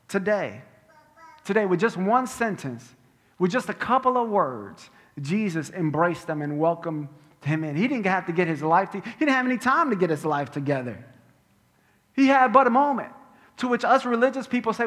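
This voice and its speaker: A man preaching a sermon as pastor, emphatic and conversational, going soft and slow when quoting, on a head-worn mic in a church. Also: high voice, lively intonation. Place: church sanctuary. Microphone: head-worn microphone. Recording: long hall reverb.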